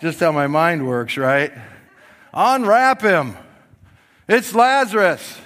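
A middle-aged man preaching a sermon, telling the story with animated delivery that swings from loud to hushed and acting out voices. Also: on the high side, slow pace. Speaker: pastor.

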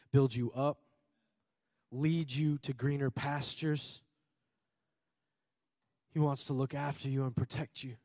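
In a mellow, mid-range voice, a man from Minnesota preaches an earnest, emphatic sermon as pastor, frequently repeating phrases and now and then laughing. The recording is studio quality with no room sound.

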